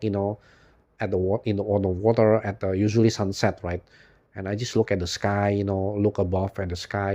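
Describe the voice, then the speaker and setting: A man speaks in a low, mellow voice, alone and unscripted. His talk is weary and despondent and keeps circling back on itself. He packs in "you know" and curses freely. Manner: rambling, constant "you know" fillers, frequent swearing. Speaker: YouTube channel host. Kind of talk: unscripted personal monologue.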